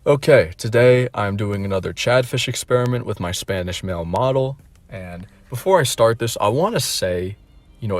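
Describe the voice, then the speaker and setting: A man's voice: mid-range voice, no room sound. A man recounting a story in a casual vlog, rambling and incredulous and repeating himself. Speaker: online dating video creator.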